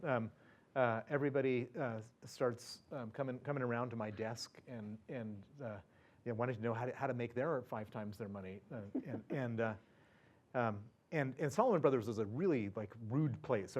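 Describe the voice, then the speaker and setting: A man speaks at an event as a guest in a mid-range, darkish voice, telling his audience a personal anecdote. It comes out chatty, with plenty of fillers, restarts and chuckles.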